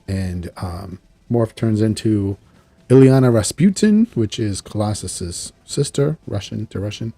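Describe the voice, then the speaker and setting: A man's voice: lowish voice, normal speed, no room sound. A man recapping a cartoon episode in casual, rambling talk, acting out the characters' lines and chuckling at asides. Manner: animated storytelling, acts out characters' lines. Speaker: show reviewer.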